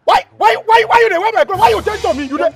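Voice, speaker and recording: A man acting a brash, angry street tough in a comedy skit, speaking Nigerian Pidgin English with loud, agitated rants. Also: very high voice, racing, over a noisy crowd. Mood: angry ranting. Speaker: comic skit actor.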